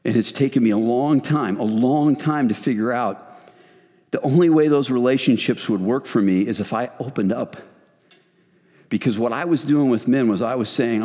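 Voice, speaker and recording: A middle-aged man leading a men's ministry, preaching in an earnest, conversational way with animated retellings. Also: mid-range voice, moderate pace. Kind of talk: sermon. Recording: long hall reverb.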